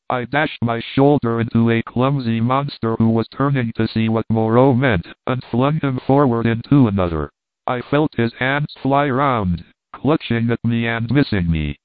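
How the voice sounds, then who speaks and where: A man reading an adventure novel aloud as a measured storybook narration. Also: mid-range voice, dry recording. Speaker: audiobook reader. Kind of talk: scripted narration. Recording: dry, tinny phone-like sound.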